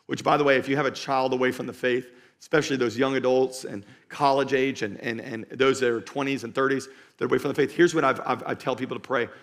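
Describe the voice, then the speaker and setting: A man preaching a sermon to a live congregation as pastor, driving points home by repeating them and moving between loud urging and slow, quiet emphasis. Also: mid-range voice, fairly even intonation. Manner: emphatic, repeats key lines for stress. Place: church stage before a live congregation.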